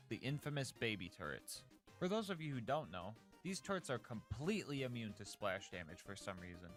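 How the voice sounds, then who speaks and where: A man's voice: medium pitch, a bit bright. A man narrating a scripted gameplay recap of a challenge run in a jokey, upbeat, slangy way.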